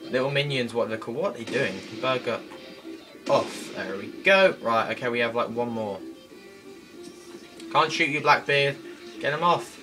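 A man talks his way through a video game in a middle-pitched voice, chatty and easily excited, with shouts and laughs breaking in. Loud game music runs behind him the whole time. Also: moderate pace, pauses often. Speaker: gameplay commentator. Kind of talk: let's play commentary.

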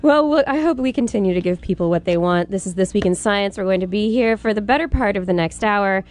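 Radio science co-host, woman, easy banter, laughs a lot, mid pitch. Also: fast talker, a little mellow. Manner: laughs often, friendly banter. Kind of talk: radio science talk show. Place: college radio studio.

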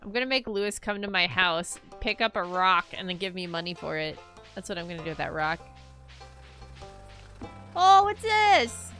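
A woman streamer chatting casually while she plays a game, playful and jokey, reacting out loud. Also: fairly low pitch, steady tone, fast, soft background music.

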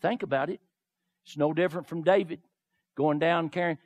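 High-voiced male pastor, fervent sermon delivery, acts out the figures he retells. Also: fairly even intonation, normal speed. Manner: preaches with dramatic retellings, swinging from low murmurs to shouts.

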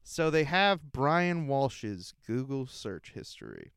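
A young man chats loosely through his solo podcast, drifting between stories with plenty of ums and likes. He talks slowly in a smooth, clear voice, recorded dry and close with no room sound. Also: medium pitch, very animated, fairly bright tone, dry recording. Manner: rambling, laughing, swearing, lots of fillers. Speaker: podcast host. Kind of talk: casual solo podcast chat.

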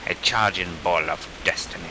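Guy gaming with mates, bright voice, goofy, a little noise behind. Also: low voice, moderate pace. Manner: joking, playful. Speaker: gamer. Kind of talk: casual gaming chat, reading quest text aloud.

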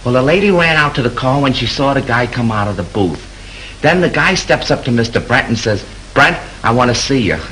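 Charlie, a slangy bellhop. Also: male voice, mid-range voice, expressive, a little fast, bright, forceful tone, slight background noise, low-quality recording. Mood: gossipy. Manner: slangy, gossipy storytelling. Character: slangy chatty young male bellhop. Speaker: night bellhop.

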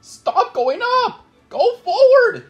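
A narrator voicing a nervous, jumpy young man in an audiobook, pitched up and cracking into high yells when scared, with a faint music bed behind. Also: big pitch swings, a little slow, highs cut off. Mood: panicked. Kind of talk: audiobook character voice.

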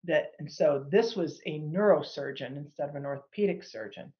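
A middle-aged woman sharing a personal healing testimony as a guest, animated and acting out the people she quotes. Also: low-pitched, moderate pace, lo-fi sound. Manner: animated, acts out quoted dialogue.

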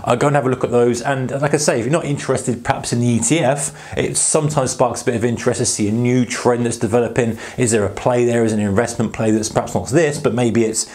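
A man's voice: mid-range voice, steady tone, fast talker, hardly any pauses, darkish tone. A man with a British accent hosting a trading channel, explaining in a loose, chatty way with many fillers and speaking to viewers as guys. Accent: British English. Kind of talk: casual explainer talk.

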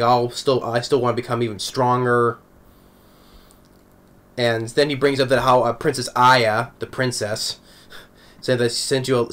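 Guy rambling through an anime episode recap, laughs a lot, middle pitch. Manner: rambling, chuckles often. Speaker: anime reviewer.

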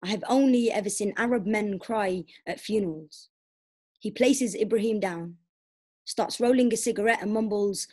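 A woman's voice: medium pitch, normal speed, warm tone. Young woman performing spoken word poetry. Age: young adult. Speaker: poet.

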